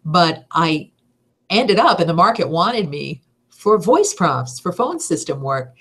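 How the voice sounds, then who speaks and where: A middle-aged woman leads a voice-over seminar with lots of energy. Her voice sits a little low, and she presses her points with upbeat emphasis. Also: sing-song, slow, a bit bright, slightly rough. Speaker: voice-over teacher. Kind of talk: seminar talk.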